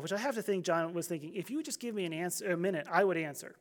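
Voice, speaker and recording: High-voiced man preaching a sermon. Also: very fast, hardly any pauses. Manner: conversational storytelling with humor. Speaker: pastor.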